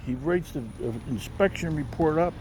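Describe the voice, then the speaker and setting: A man telling a casual anecdote, jumping his voice up high when he quotes the people in the story. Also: moderate pace, noisy background. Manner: animated, raising his voice high for quoted characters.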